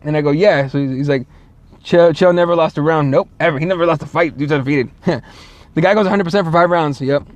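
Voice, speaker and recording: A man's voice: fairly high pitch, fast talker, no echo, lo-fi sound. A man hosting a casual solo show, rambling and swearing, full of fillers and restarts. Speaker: show host.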